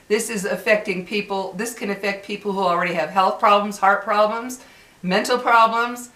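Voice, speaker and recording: A woman in her late sixties talks straight to her viewers in a blunt, heated vent, circling back and repeating her points. Her voice sits at a middle pitch for a woman. The room around her has a noticeable echo. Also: steady tone, normal speed, a bit bright. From United States. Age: 60s. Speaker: vlogger. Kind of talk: angry venting to camera.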